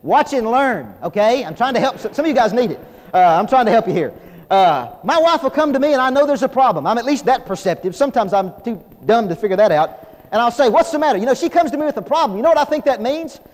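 High-voiced man preaching in a chapel. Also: quick pace, long reverb tail, poor audio. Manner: animated, self-deprecating humor, addresses audience as folks. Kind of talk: sermon.

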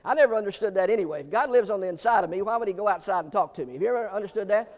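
Fast-talking, high-voiced folksy male pastor. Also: lively intonation, darkish tone, long reverb tail, highs cut off. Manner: folksy, joking, quick asides, repeats words. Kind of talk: sermon with humorous stories.

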